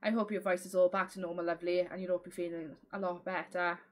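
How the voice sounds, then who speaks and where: A woman's voice: on the low side, flat delivery, quick pace. A woman livestreaming a video game, chatting casually and giggling, calling people lovely. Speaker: gaming livestreamer.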